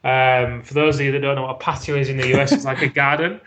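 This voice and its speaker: A man's voice: medium pitch, steady tone, fast talker, fairly bright tone. A British man telling a personal story as a podcast guest, frank and swearing freely. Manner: frank, swears freely, acts out his own past words.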